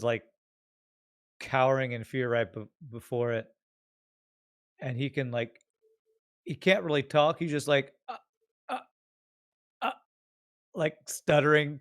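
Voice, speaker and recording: Dude playing a tabletop rpg, chill, telling what his guy does. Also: mid-range voice. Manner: casual, describing his character's actions. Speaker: player. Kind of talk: casual tabletop game play.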